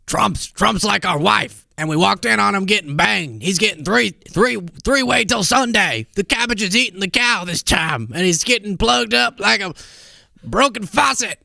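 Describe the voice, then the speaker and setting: A man imitating a gruff, bellowing male radio host in an exaggerated, mocking impression. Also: sits high, moderate pace, bright, forceful tone, no echo, voice pushed up, full character voice.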